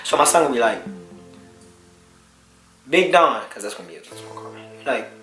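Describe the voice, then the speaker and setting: A man's voice: mid-range voice, expressive, racing, a bit bright. A man in his twenties rambling and joking through a casual unboxing vlog, full of slang. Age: 20s. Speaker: vlogger. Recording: roomy echo, faint music.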